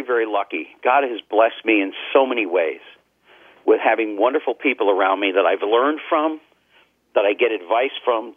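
Over a tinny phone line, an older talk radio host with a husky, medium-pitched voice shares stories during an interview. His anecdotal, chatty telling is marked by frequent restarts.

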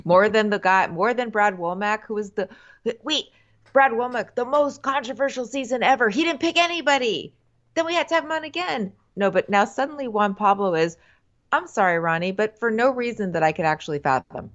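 A woman's voice: on the high side, animated, fairly quick, a bit bright, muffled recording. A woman co-hosting a podcast, ranting in an exasperated, sarcastic and swearing way in casual chat. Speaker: podcast co-host.

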